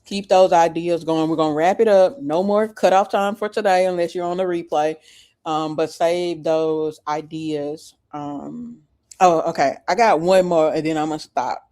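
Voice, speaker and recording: A man's voice: fairly high pitch, steady tone, normal speed, darkish tone. A man coaching options trading live, chatting casually and joking with his viewers. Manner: joking, chatty, addresses chat as y'all. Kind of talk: casual livestream trading chat.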